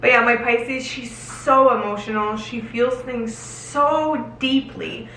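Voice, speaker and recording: Young woman vlogger, chatty and emotional, fairly high voice, roomy home echo. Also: pushed and bright, slight background noise. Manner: emotional, candid, chatty, drawn-out emphasis. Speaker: lifestyle vlogger. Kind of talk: casual Q&A chat to camera. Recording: roomy echo, slightly distant from mic.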